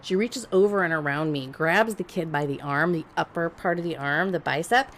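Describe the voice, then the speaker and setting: A woman with a low voice tells a story on a podcast in blunt, profane casual chat. She is animated and laughs as she goes. A faint background hiss sits under her voice. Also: moderate pace. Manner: animated, laughs while telling. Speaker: podcast co-host.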